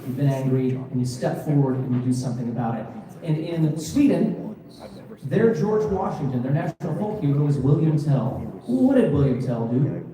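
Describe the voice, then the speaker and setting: A man with a fairly high voice tells a rambling, jokey story between songs, peppered with slangy asides. He is on stage in a live music bar, heard from a distance in a very echoey room with a long reverb tail. Instruments play behind him. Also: animated, moderate pace, dark tone. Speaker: musician doing stage banter. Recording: roomy echoey venue from far off with live music.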